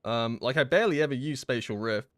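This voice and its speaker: Male game streamer, chatty and rambling, mid-pitched, dry booth-close sound. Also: dry recording. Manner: rambling and chatty, with many fillers and quick laughs. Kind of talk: casual live-stream chat while gaming.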